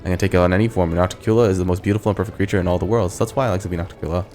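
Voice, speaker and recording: A man's voice: low voice, fairly even intonation, rapid-fire, darkish tone. Man reading as a whiny, boastful female filth demon. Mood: flirty. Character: vain, petulant female filth demon posing as a queen.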